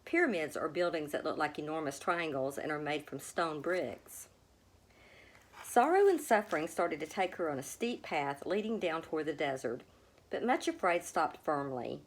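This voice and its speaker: A woman reads a children's story aloud in a gentle, expressive way. Her voice sits a little low, yet it swings widely up and down as she tells the tale. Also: moderate pace. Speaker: storybook reader. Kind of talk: storybook read-aloud narration.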